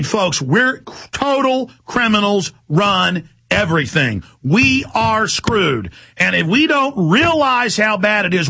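A man's voice: high-pitched, vocal fry, sharp tone. A man hosting a talk radio show, ranting in an agitated way and mocking the people he quotes. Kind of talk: heated talk radio monologue.

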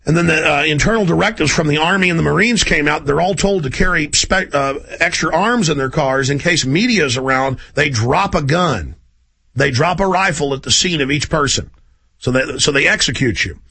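A middle-aged man hosting a radio talk show, ranting intensely and rapidly in a conspiratorial tone. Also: on the high side, gravelly, bright, forceful tone, husky.

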